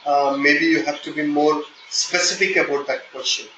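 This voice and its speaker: A man's voice: a little high, steady tone, normal speed, roomy sound, highs cut off, noisy background. Indian man teaching an online class. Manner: explanatory, repeats "okay?" often, hesitant fillers when flustered. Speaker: online software testing trainer. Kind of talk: live online training session.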